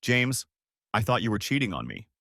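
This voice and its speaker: A man's voice: on the low side, very animated, moderate pace, gravelly, bright, forceful tone, dry recording, clean studio sound, exaggerated voice. A man voicing a remorseful young wife who pleads and apologizes in a story reading. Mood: pleading.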